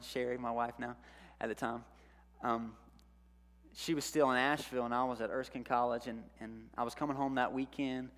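Animated preacher in a reverberant church. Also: male voice, mid-range voice. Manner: animated storyteller, acts out his own panic. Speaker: youth pastor. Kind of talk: sermon with personal story. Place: church sanctuary. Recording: long hall reverb.

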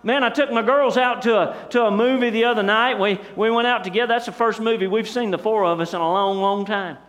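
High-voiced folksy preacher man. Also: fairly even intonation, a little fast, fairly bright tone. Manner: folksy storytelling with rhetorical asides to the congregation. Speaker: pastor. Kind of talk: sermon.

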